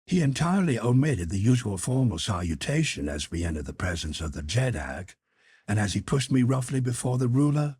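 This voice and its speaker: Husky male audiobook narrator. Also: mid-range voice, sing-song, moderate pace, a little mellow.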